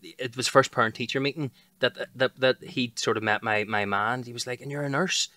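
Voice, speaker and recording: A man in his thirties with a Belfast accent, a comedian chatting as a podcast guest and telling stories with lively, sweary energy. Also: mid-range voice, fairly quick, dry recording. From Northern Ireland. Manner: animated storyteller who swears freely. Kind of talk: casual chat.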